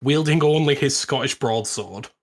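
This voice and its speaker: A British man co-hosting a podcast, telling a history story in casual, animated chat with frequent laughs. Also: mid-range voice, normal speed. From Britain. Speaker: podcast co-host.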